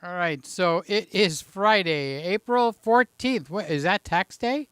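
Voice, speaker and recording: High, crisp-voiced man chatting on a live stream. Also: animated, slow, fairly bright tone, no echo. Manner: chatty, jokey, reads chat aloud. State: a little out of breath. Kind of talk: casual live stream chat. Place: room in his house. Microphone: handheld mic.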